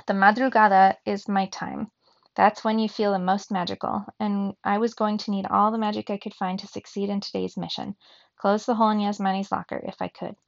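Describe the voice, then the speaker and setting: Woman reading a kids' novel out loud, expressive, bit of gravel in her voice, dry slightly dull recording. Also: mid-range voice, dry recording. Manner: expressive, lively storytelling. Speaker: reader. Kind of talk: reading a middle-grade novel aloud.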